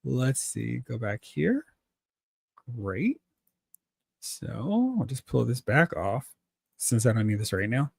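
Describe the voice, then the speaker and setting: A man's voice: mid-range voice, big pitch swings, slow, vocal fry, long pauses, husky, dry recording. A man hosting a casual toy-collecting livestream, reading chat comments aloud, laughing often and acting out exclamations.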